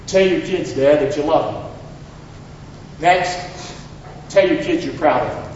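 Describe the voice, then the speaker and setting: A man preaching a Father's Day sermon in a church, leading call-and-response and swinging between loud exhortation and hushed asides. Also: on the high side, unhurried, slight background noise. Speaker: pastor. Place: church sanctuary. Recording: very echoey hall, distant mic, slightly dull.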